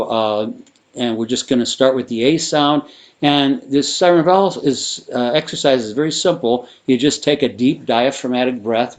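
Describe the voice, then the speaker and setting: Male sound therapy teacher, mid-pitched, loose and rambling, guided exercise delivery. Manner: relaxed, rambling, with frequent fillers and restarts. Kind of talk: guided vocal exercise instruction.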